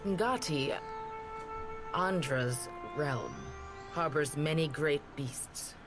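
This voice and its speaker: This is a weathered island elder, calm and measured, who weighs every word gravely. Her speech stays level and unhurried, and game music plays clearly underneath. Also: deep voice. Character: calm, weathered older woman tribal leader. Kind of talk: game voice acting.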